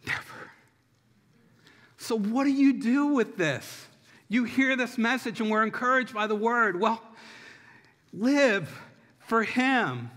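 A man's voice: extremely high pitch, lively intonation, slow pace, a bit bright. A man preaching a sermon as a pastor, impassioned, with rhythmic repetition. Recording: long hall reverb.

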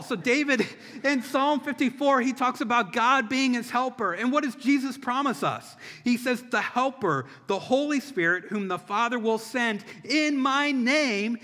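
A man's voice: very high-pitched, pushed and bright. A man preaching a sermon as a pastor, impassioned, with rhythmic repetition. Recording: long hall reverb.

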